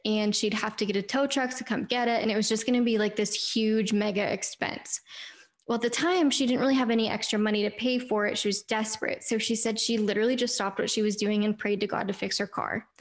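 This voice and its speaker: A woman's voice: medium pitch, steady tone, fairly quick. A woman in her thirties hosting a faith podcast, telling personal stories in an earnest, chatty way and talking straight to her listeners. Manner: earnest, chatty, addresses listeners as "you guys". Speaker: podcast host.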